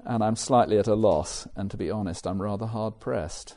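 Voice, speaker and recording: Middle-aged English preacher, mellow warm voice, animated conversational sermon delivery. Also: male voice, on the low side, moderate pace. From England. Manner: animated, conversational, with self-mocking asides.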